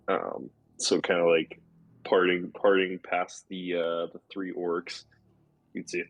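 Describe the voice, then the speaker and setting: A man's voice: low-pitched, flat delivery, takes it slowly, creaky, dry recording, low-quality recording. A man playing in a tabletop game, talking hesitantly with many fillers. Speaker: player.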